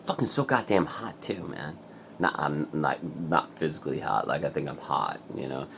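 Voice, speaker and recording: Very deep-voiced, wired man ranting on camera. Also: lively intonation, moderate pace, fairly bright tone, a little hiss or hum. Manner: wired, restless, heavy swearing, laughs often. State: hyped up and full of energy. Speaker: vlogger. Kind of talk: casual rambling vlog.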